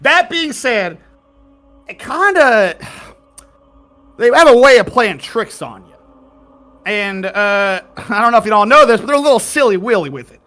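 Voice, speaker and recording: Guy doing a high bright boozy skeleton guide, folksy drawl, rambles n chuckles, tabletop game. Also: animated, normal speed, pauses often, soft background music, full character voice. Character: jovial, tipsy undead skeleton guide, male. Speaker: game master.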